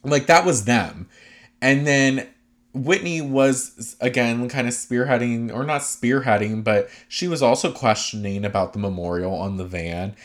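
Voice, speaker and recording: A man's voice: mid-range voice, unhurried. A man giving a casual, gossipy recap of a reality show, chatty and full of fillers, with sarcastic asides.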